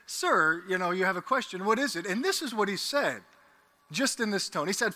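A high, very bright male voice carries this priest's homily as he jokes and tells stories with his congregation. He talks in an animated, playful way, and his voice is picked up by a headset mic in church. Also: normal speed. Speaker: Catholic priest. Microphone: ear-worn headset mic.

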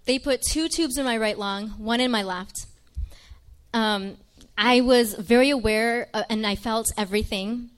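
A woman with a somewhat high voice tells a personal story to an audience. She talks to them directly and chattily, and she acts out the lines she quotes. Her telling is vivid and dramatic. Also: unhurried. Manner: conversational, addresses listeners directly. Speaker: missionary telling her testimony.

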